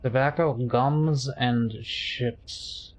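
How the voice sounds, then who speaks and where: A man's voice: mid-range voice, steady tone, very slow. A man streaming a game, chatting casually in a rambling, jokey way while he reads chat.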